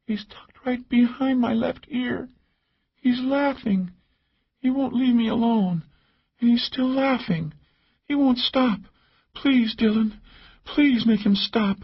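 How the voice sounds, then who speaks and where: A man's voice: very high voice, slow, long pauses, slightly rough, voice pushed up, heavily acted. A man voicing a drugged young woman agent who whispers faintly with slurred words. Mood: dazed pleading. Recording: dull lo-fi audio.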